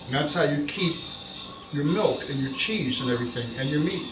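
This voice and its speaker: A middle-aged man with a North Jersey accent rambles from one story to the next while he cooks in his kitchen. His voice sits at an ordinary pitch and is picked up from across the room, so it sounds distant and echoey. Pots and dishes clatter clearly behind him. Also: lively intonation, moderate pace, background noise. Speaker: home cook vlogger. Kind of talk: casual cooking vlog talk. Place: home kitchen.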